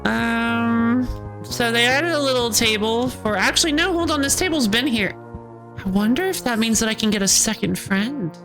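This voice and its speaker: A woman's voice: on the high side, lively intonation, moderate pace, music in the background. A woman streaming a game, chatting in a rambling, playful way. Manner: rambling, playful, laughs often. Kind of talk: casual let's-play commentary.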